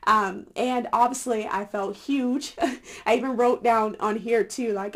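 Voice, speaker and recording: A woman's voice: fairly high pitch, steady tone, unhurried. Chatty woman vlogger, laughing often. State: a little winded. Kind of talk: casual chat to camera.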